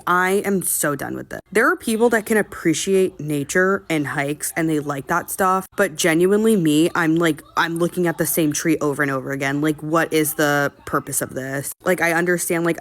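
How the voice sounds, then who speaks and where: A woman with a somewhat low voice tells a personal story to her viewers in a loose, chatty way. She sounds exasperated and swears freely, and she plays up her complaints for comic drama. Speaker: storytime vlogger. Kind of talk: casual storytelling.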